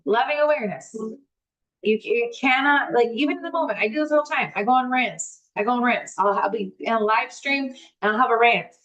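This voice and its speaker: A woman's voice: fairly high pitch, a bit bright, muffled recording. A woman giving a candid spiritual talk on a live stream, swearing freely and acting out her inner thoughts, later reading aloud from a book. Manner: reads aloud from a book slowly.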